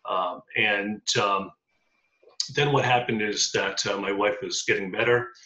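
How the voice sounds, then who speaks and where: Low-voiced man rambling through a story. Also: fairly even intonation, measured pace, sharp tone. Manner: rambling, many ums and uhs. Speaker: interview guest. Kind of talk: casual storytelling. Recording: dull lo-fi audio in echoey room.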